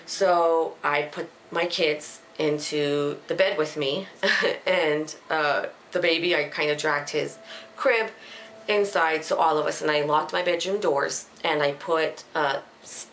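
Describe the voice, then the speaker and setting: Woman, young adult, earnest personal story, emotional, halting restarts, lower voice. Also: fairly even intonation, fairly bright tone, a little hiss or hum.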